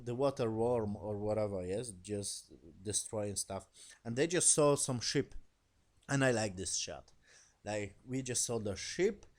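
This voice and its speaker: A TV series reviewer gives a casual spoken recap of an episode, rambling, swearing casually, and often saying "basically" and "yes?". His voice is medium-pitched and a little mellow.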